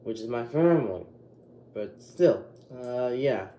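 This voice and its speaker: A man's voice: mid-range voice, animated, slow, dark tone, echoey room. A twelve-year-old boy hosting a casual vlog, agitated and rambling with many restarts. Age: 12 years old. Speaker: youtube channel host.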